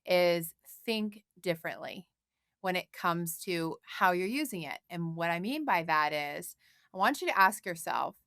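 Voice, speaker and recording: A woman's voice: on the low side, fairly bright tone, clear, resonant tone, dry recording, studio quality. A woman guest on a podcast, explaining things in a friendly way and often quoting imagined voices. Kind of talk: casual podcast chat.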